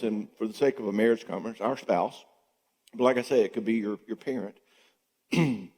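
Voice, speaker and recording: Speaking before a church audience at a marriage conference, this counselor has a lowish voice and a relaxed, conversational style. He repeatedly asks "okay?" and "all right?" and brings quoted people to life with animated voices, all echoing through the long reverb of a big sanctuary.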